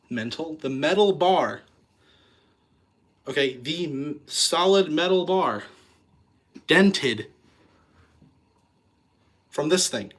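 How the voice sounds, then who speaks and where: A man hosting a casual show-and-tell vlog, rambling and self-correcting, with a self-deprecating, nerdy enthusiasm. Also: on the high side. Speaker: video host.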